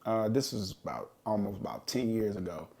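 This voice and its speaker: A man's voice: on the low side, brisk, vocal fry, darkish tone. A middle-aged man and podcast co-host, telling a personal story in an earnest, reflective way during a casual chat.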